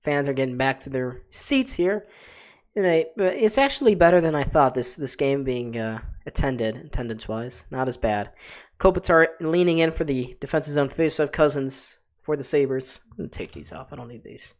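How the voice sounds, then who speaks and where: A man's voice: mid-range voice, lively intonation, moderate pace. Chatty man calling live hockey play-by-play. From Buffalo area, USA. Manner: chatty, talks to his chat as "folks". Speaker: livestream host. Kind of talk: live play-by-play reaction commentary.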